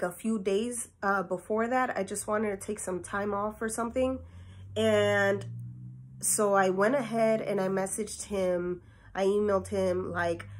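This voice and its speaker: A young woman telling a personal story in a candid, chatty way, swinging between soft, quiet moments and excited outbursts. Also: mid-range voice. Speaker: vlogger.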